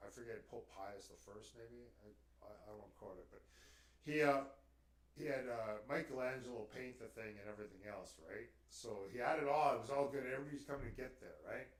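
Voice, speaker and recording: A man rambles through a casual spiritual chat and keeps tagging his points with "right?". He sits away from the mic, and the room adds a noticeable echo. His pitch is middling. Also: fairly quick. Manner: rambling, tags lines with "right?". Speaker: guest. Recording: roomy, distant mic.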